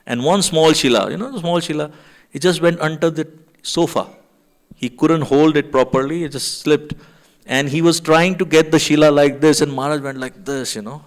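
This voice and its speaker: A man's voice: fairly high pitch, normal speed. A man telling a personal story to a temple gathering, in a rambling way full of fillers, acting out what others said. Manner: storytelling with many fillers, acts out quotes. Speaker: devotee sharing memories. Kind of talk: anecdote to a gathering. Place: temple hall.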